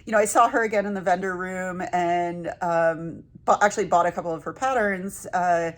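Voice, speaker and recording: A woman's voice: on the low side, moderate pace. Casual woman vlogger, self-deprecating storyteller, phone-camera talk. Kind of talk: casual vlog chat.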